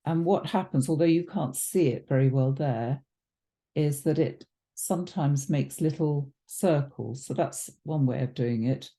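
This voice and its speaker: Mellow-voiced woman teaching watercolour. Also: deep voice, unhurried. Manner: chatty, thinks aloud with ums and self-corrections. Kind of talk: relaxed painting demonstration.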